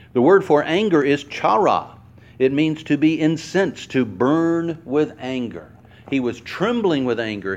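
Animated preacher man, lively pitch. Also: lo-fi sound. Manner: animated, acts out quoted lines with pitch swings; explains word meanings slowly, stressing each word. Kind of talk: sermon. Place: church hall before a congregation.

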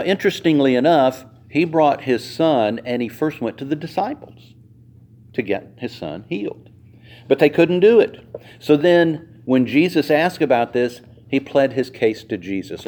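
A man's voice: medium pitch, animated, moderate pace, a little mellow. A male pastor reading scripture aloud and preaching to his congregation, acting out the quoted voices and speaking directly to the listeners. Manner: conversational, addressing the congregation directly.

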